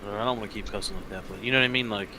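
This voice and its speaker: A man's voice: on the low side, steady tone, racing, background noise. A man on a live stream telling jokey stories in casual chat, swearing freely and laughing at himself.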